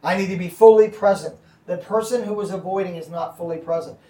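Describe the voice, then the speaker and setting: A man's voice: sits high, a little fast, warm tone, echoey room, far from the mic. A man preaching as a pastor, explaining scripture in a conversational way and checking in with his listeners. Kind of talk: Bible teaching.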